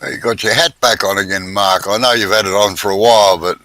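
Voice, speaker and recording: An easygoing man with a low voice hosts a relaxed live stream chat over a video call. His tone is bright and forceful, and the sound is dry and close. He laughs often as he talks. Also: brisk, no room sound.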